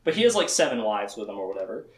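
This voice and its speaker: A man giving a casual, comedic lecture summarizing books to a small audience, acting out the characters' lines with quick voice shifts. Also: fairly low pitch, sing-song. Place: room with a small live audience. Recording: echoey room.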